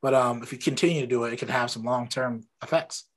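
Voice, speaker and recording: A man hosting an interview from his home office, talking in a relaxed, rambling way about his own habits. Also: mid-range voice, quick pace. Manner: relaxed and talkative, rambling anecdotes. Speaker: podcast host. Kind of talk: casual interview chat.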